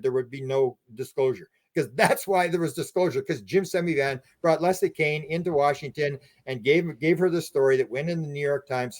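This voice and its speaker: A man speaking quickly as a podcast guest, piling one story onto the next with many false starts. His voice sits a little above the usual male range. The recording is dry, with no room sound. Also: a little high, darkish tone, dry recording. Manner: rapid, rambling anecdotes with restarts. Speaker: guest, UFO researcher and author.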